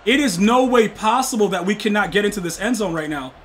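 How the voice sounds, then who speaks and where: Brash high-voiced streamer trash-talking. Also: male voice, lively intonation, a little fast, slight background noise. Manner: brash slangy trash talk, yelling at the game. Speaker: gaming streamer. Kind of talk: live game stream commentary.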